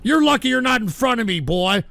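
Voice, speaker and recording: A man with a high, gravelly voice hosts a live radio stream in a full-blown rant. He curses, stammers and flips between muttered grumbling and furious shouting at trolls. His voice is bright and edgy, heard dry and close on the mic. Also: expressive, a little fast, no room sound. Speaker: talk radio host.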